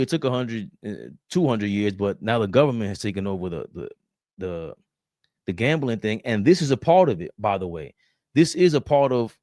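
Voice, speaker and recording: A man's voice: medium pitch, darkish tone, no echo, studio quality. Laid-back New man hosting. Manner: loose, digressive and joking, with frequent restarts. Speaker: podcast host. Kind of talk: casual commentary.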